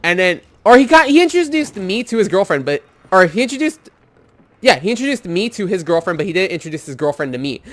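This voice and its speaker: Young male gamer, slightly high voice, loose rambling storyteller, swears freely. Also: sing-song, fast, a bit bright, no echo. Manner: rambling, swears a lot, heavy use of "like". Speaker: gaming video host. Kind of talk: casual storytelling over gameplay.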